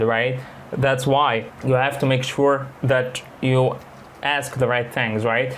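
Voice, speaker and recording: Guy teaching english, reads examples slow then rattles off explanations, faint hiss behind. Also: mid-range voice, little pitch movement. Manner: switches between slow English example lines and fast Arabic explanations. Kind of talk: bilingual English lesson.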